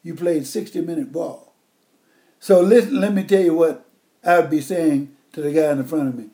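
A man near eighty, preaching a folksy, emphatic sermon that swings between loud and hushed. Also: on the high side, normal speed. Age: older.

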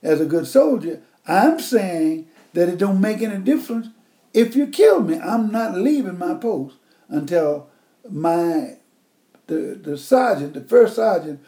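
An elderly preacher delivers a sermon in a raised, high voice with a warm, mellow tone. He talks slowly and folksily, leaning hard on words and dropping to a hush. His delivery is unhurried and plain-spoken. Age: older. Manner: folksy, emphatic, swings between loud and hushed.

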